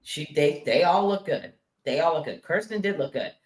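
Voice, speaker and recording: A woman with a lowish voice that swoops up and down when she quotes people. She goes through her notes on a reality show, and the sound echoes in the room. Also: lively intonation, normal speed. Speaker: podcast co-host. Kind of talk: casual reality TV recap chat.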